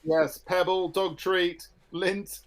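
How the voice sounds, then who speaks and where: A man's voice: sits high, flat delivery, slow pace. A man co-hosting a livestream, bantering playfully and reading out audience messages. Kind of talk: casual livestream chat.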